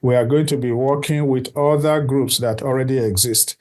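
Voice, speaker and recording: Measured man, deliberate speech. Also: mid-range voice, steady tone, a little mellow. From Nigeria. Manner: measured and deliberate, repeats key phrases for emphasis. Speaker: guest, diaspora organization board member. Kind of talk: interview answers.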